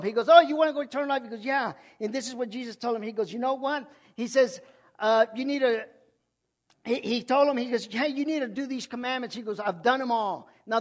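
Preaching a sermon with passion, a man with a very high-pitched voice repeats phrases. He swings between loud outbursts and hushed lines.

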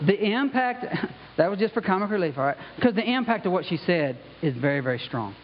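A man delivers a conversational sermon, sprinkling in "you know" and "okay" as he goes. His voice sits high for a man. The recording sounds dull and carries a long reverb from the church sanctuary. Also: lively intonation, fast talker, a little hiss or hum. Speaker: pastor.

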